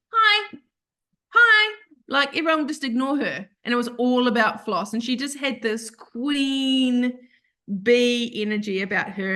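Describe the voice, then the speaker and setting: A woman guest on a podcast, telling an emotional personal story in an animated, earnest way and acting out what other people said. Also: fairly high pitch. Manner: earnest, open about grief.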